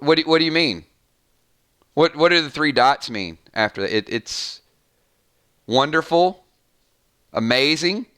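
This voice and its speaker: Bright-voiced chatty male stream host. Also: a little high, clear, resonant tone. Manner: chatty, self-interrupting, stumbles and restarts often. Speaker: live-stream show host. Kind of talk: casual live-stream chat reading viewer comments.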